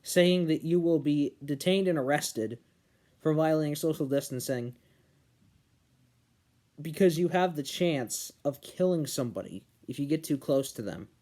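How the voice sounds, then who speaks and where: A young man from New Hampshire giving an earnest political commentary monologue, slowing down and stressing key words. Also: a little high, animated, dark tone. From New Hampshire, USA. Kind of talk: casual opinion monologue.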